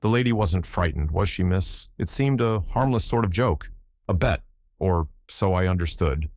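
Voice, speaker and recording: A man as a humble ship's steward in a storybook, deferential and eager to explain. The deep voice is dry and close. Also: animated, normal speed, a little mellow, dry recording. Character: apologetic male ship's steward.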